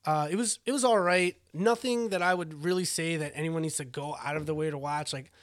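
Rambling young male co-host, slightly high voice. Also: fairly quick, no echo, studio quality. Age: young adult. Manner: rambling, hesitant, full of restarts. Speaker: podcast co-host. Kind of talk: casual chat.

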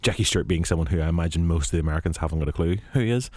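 A man hosting a casual film discussion, talking haltingly with many fillers and restarts. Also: sits low, darkish tone, no echo. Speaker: podcast host.

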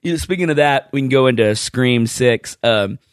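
A man co-hosting a podcast, chatting casually and telling rambling stories, getting animated when he quotes people. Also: medium pitch, moderate pace, clean tone, dry recording, studio quality. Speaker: podcast co-host. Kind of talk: casual chat.

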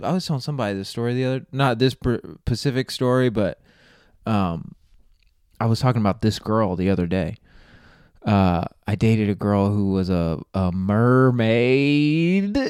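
A young man spins a rambling comic story into the mic, breaking up at his own jokes. His voice sits a little low, smooth and clear, recorded dry and close. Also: a little mellow, dry recording. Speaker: podcast host. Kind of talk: casual comedic monologue.

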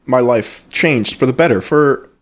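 A man with a medium-pitched voice in a casual podcast chat. He sounds laid-back and friendly and hypes up his co-host. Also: a little slow.

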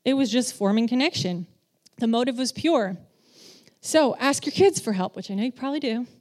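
Acting out the voices she quotes, an animated church speaker from children's ministry delivers a conversational sermon. Her voice is a little high at a normal speed, and she's candid and self-deprecating.

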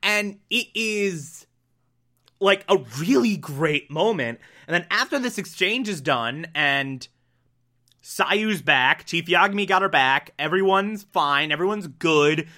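A speaker casually breaking down an anime episode, full of "like" and "uh" and acting out the characters' lines. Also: mid-range voice. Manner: animated, fillers like "like" and "uh", acts out quotes. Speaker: anime reviewer.

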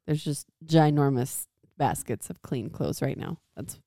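A woman in her thirties chats as a podcast co-host, breaking into laughter often. Her voice is mellow and warm. The sound is dry, with no room echo. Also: sits low, expressive, unhurried. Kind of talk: casual chat.

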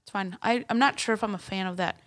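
A woman's voice: medium pitch, fast. A woman co-hosting a casual beer-tasting podcast, easygoing and hesitant, with lots of fillers. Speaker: podcast co-host.

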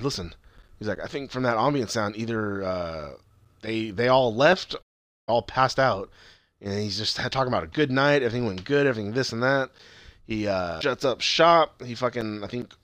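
A man's voice: mid-range voice, fairly bright tone, no room sound. A man co-hosting a casual podcast, recapping a TV episode with lots of swearing and acted-out quotes. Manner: swears often, retells scenes in acted quotes. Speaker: podcast co-host.

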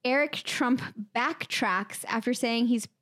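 A woman's voice: fairly high pitch, slow, fairly bright tone. A young woman from Texas co-hosting a podcast, chatting in a breezy, teasing way. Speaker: podcast co-host. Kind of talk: casual chat.

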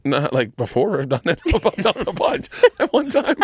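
A man's voice: high-pitched, huge pitch swings, normal speed, breathy edge, dry recording. A middle-aged man, a comedian guest, telling stories in casual podcast chat, acting out quotes and breaking into big laughs.

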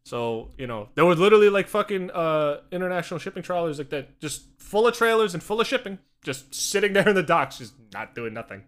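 Young guy cohosting a podcast, kinda high voice, rambly and sweary, lots of likes and uhs. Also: big pitch swings, brisk, few pauses. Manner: rambling, profane, full of fillers and restarts. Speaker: podcast co-host. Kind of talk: casual chat.

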